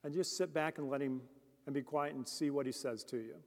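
A man's voice: mid-range voice, steady tone, a little fast. A man preaching a sermon as a deacon, earnest and speaking directly to the congregation with questions. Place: church. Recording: long church reverb.

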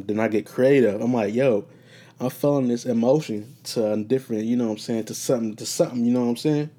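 A man's voice: medium pitch, dark tone. A man hosting a casual solo podcast from his room, rambling and swearing freely as he tells stories. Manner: rambling, profane, laid-back storytelling. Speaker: podcast host.

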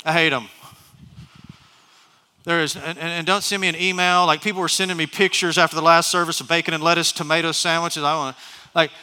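A man's voice: a little high, fairly even intonation, brisk, sharp tone, clean tone, long reverb tail. A middle-aged man preaching a sermon as pastor, telling stories with many restarts and asides. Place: large church hall.

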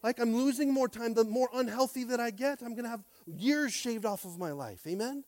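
A male pastor delivering a sermon, casual and conversational, who moves between loud calls and quiet asides and keeps asking the congregation for a response. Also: very high voice, brisk. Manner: animated preaching, swinging from shouts to quiet asides; casual, conversational phrasing with frequent restarts.

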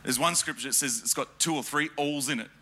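A man preaching a fervent, exhorting sermon as pastor, building to loud declarations. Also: on the high side, brisk. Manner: fervent, exhorting, rising to shouts.

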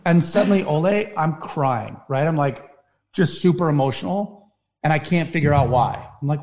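Animated firefighter telling stories. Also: male voice, on the high side, moderate pace. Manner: animated storyteller, frequent "right?" tags. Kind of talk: storytelling talk.

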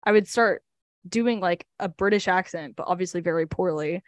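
A woman's voice: lowish voice, moderate pace, no echo. A young woman co-hosting a podcast in casual chat, rambling with lots of fillers. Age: young adult. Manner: chatty, fillers, laughs often. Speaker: podcast co-host.

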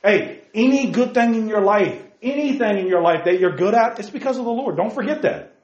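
A man's voice: high voice, fairly quick, a little mellow, reverberant, highs cut off. A man preaching a sermon to young men, with repeated calls of "hey guys" and sudden emphatic peaks.

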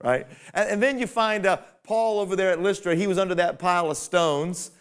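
A man's voice: high-pitched, brisk, clear, resonant tone. A man preaching a sermon to fellow pastors in a folksy, conversational way that climbs to emphatic peaks.

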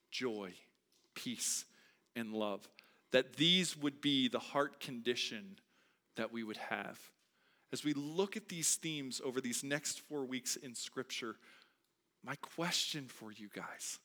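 A man preaching a sermon as a pastor, moving between quiet reflection and loud, emphatic delivery. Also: mid-range voice. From United States. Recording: long hall reverb.

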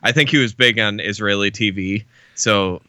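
Man, podcast co-host, animated anecdotes, bright voice, dry close mic. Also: fairly low pitch, normal speed, no room sound. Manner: animated storytelling, voices other people. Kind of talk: casual movie podcast chat.

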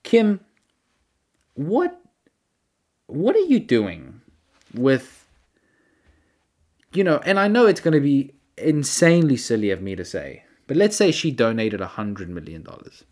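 Animated rambling male podcast host. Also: medium pitch, normal speed. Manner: rambling, animated, incredulous rants with self-deprecating asides. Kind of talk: solo podcast monologue.

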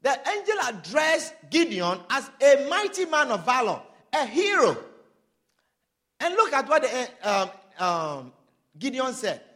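A man's voice: very high-pitched, big pitch swings, measured pace, bright, forceful tone. A man preaching a sermon as pastor, reading scripture aloud in old wording and rising into bursts of emphasis.

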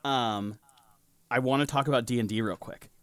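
A man's voice: mid-range voice, normal speed, fairly bright tone, dry recording. A young man hosting a podcast, telling a story in a loose, casual way, swearing freely and often laughing. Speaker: podcast host.

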